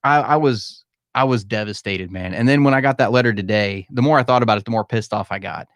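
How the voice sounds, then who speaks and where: A man's voice: fairly low pitch, fast, no echo, studio quality. A man hosting a live-stream Q&A from his home, talking candidly and emphatically and calling listeners "man". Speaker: podcast host. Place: home room.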